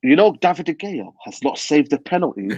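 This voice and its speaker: A man ranting about football in a hushed voice from a hotel room, emphatic and repeating yeah and man. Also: a little high, very animated, fairly quick, dry recording, dull audio. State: talking quietly, near a whisper. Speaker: football fan pundit. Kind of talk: heated football rant. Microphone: video call.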